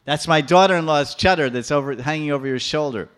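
A man voicing an old village woman who loudly accuses someone in front of her neighbours, in a shrill, shouting manner. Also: fast, clear, resonant tone, lightly acted. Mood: indignant.

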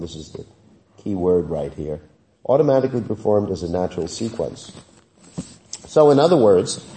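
A man giving a scripture class in a relaxed, conversational way, with many fillers, sometimes chanting Sanskrit verses. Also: low-pitched. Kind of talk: sermon. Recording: voice heard from a distance.

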